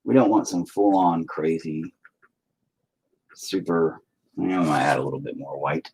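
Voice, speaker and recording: A man's voice: deep voice, moderate pace, long pauses, a little mellow, slightly rough, rough recording. A man chatting casually and crudely while he paints, rambling and joking with lots of swearing. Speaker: painter streaming his work.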